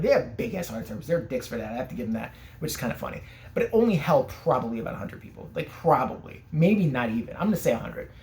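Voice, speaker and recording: An animated storyteller whose pitch swings widely while ranting. The delivery is sarcastic and heavy with profanity. A faint hiss of noise runs underneath. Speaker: vlogger.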